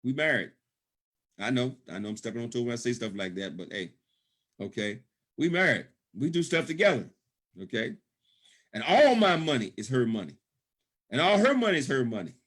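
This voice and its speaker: On a conference call, a middle-aged man makes a sales pitch for a business opportunity, emphatic and repetitive, often checking in with "okay?" His mid-range voice moves briskly in a sing-song pattern.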